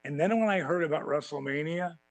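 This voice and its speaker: A man as a podcast guest telling profane, animated stories and acting out quotes. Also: fairly high pitch, fairly quick, no echo, poor audio. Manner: animated, swearing freely, acts out quotes. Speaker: podcast guest, former wrestling champion. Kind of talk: profane storytelling in a podcast interview.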